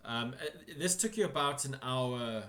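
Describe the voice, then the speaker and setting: A man's voice: medium pitch, lively intonation, unhurried, a bit bright, reverberant, a little hiss or hum. A man narrating a tabletop game as game master, in a casual, rambling way with many fillers.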